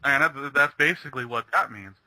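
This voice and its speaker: In a casual chat, a man retells a cartoon plot, rambling and stumbling through many restarts. His medium-pitched voice is bright, forceful, and a little fast, recorded dry with poor audio.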